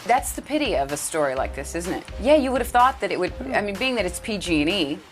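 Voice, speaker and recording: Deep-voiced thoughtful woman. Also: very animated, fast talker. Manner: thoughtful, hesitant. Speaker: actress interviewee. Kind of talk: interview reflection. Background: music.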